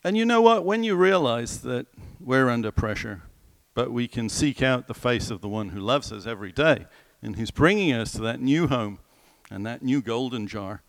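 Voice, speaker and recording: A man preaching a sermon in a conversational, animated way, asking the listeners questions and slowing down for scripture. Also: mid-range voice, no room sound. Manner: slows right down when quoting scripture.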